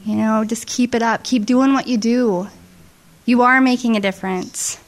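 Speaking at a normal, moderate pace with a fairly high pitch, this middle-aged woman tells her congregation a heartfelt testimony at a church service. She sounds earnest and emotional, restarting herself and slipping in quiet asides.

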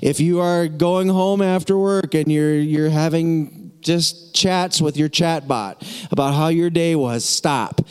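A man's voice: on the high side, takes it slowly, smooth. A man preaching a sermon as pastor, emphatic and repetitive, with casual asides to the congregation. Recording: long hall reverb.

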